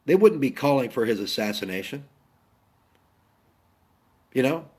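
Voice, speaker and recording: Middle-aged American veteran, blunt and heated, a bit high-pitched, hammers points twice. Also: male voice, animated, normal speed, pauses often, darkish tone. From United States. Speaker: Navy veteran vlogger. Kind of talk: angry political rant.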